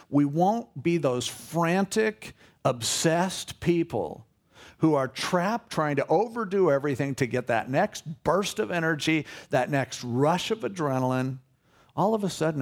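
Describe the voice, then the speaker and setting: A man's voice: mid-range voice, a little mellow. A man preaching a sermon as a pastor, conversational and earnest, with emphatic swells as he teaches.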